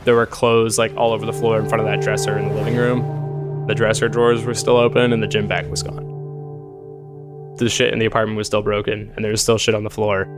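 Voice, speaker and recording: A man's voice: on the low side, completely flat delivery, brisk. A man casually telling a personal story, rambling and shaken, with lots of filler words and swearing. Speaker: storyteller recounting a personal encounter. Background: eerie music bed.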